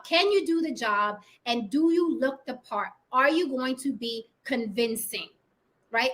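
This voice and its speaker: A woman hosts her own opinion channel in a high, bright, ringing voice. She speaks bluntly and swears without hesitation. She keeps pulling her audience in with "right?" and "okay?". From Puerto Rico. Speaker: vlog host and actress. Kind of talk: casual opinion monologue to camera.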